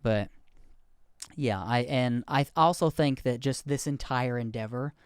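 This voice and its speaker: A man's voice: mid-range voice, measured pace, clean tone, dry recording, studio quality. A man in his thirties hosting a podcast, rambling candidly and poking fun at himself in casual chat. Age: 30s. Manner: rambling, candid, self-deprecating. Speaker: podcast host.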